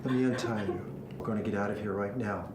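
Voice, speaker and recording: An actor playing a wooden rescuer. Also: male voice, lowish voice, quick pace, lightly acted. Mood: calm reassuring. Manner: wooden, flat delivery. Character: flat-voiced hero rescuing a woman. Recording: echoey room with steady noise.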